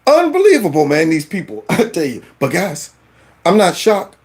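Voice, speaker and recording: A man's voice: high voice, wildly swooping pitch, moderate pace. Exasperated man with a raised voice. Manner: exasperated, colloquial, incredulous. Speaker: political commentary host. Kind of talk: animated reaction commentary.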